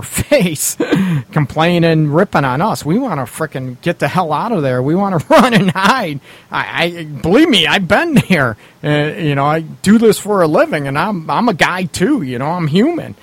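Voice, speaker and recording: A man's voice: a little high, big pitch swings, normal speed, a bit bright, no room sound. A man hosting a radio advice show, talking bluntly and casually, swearing lightly, laughing often and acting out quoted lines. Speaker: radio show host giving relationship advice.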